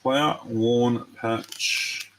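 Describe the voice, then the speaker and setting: On a rough recording, an Australian man with a medium-pitched voice hosts a live trading card break, speaking very slowly. He's chatty and excitable, talking to viewers and reacting to each pull.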